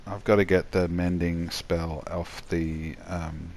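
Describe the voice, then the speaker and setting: Tired male gameplay narrator with a deep, gravelly voice and an unhurried, meandering delivery, soft hiss in the background. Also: level tone. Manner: rambling, halting, many restarts and fillers. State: tired, yawning. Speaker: gameplay commentator. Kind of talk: relaxed gameplay voice-over.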